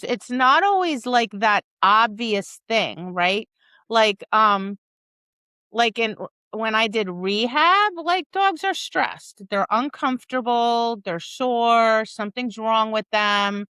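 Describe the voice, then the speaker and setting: Animated woman podcast host, fairly high voice. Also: clean tone, no room sound. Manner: animated storytelling, acts out dogs and people in quick voices. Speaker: podcast co-host and dog trainer. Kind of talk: casual podcast chat.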